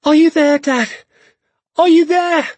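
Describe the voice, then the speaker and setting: Scared storybook boy, high strained pleading voice, husky, dry close sound as a male narrator puts him on. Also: animated, fairly quick, dry recording. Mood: desperate. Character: frightened young boy calling for his father.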